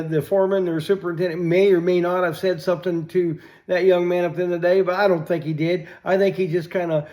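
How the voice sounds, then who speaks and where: A man's voice: sits high, a little mellow. An older man telling a story in a folksy, rambling way, often repeating "I said", then reflecting on faith.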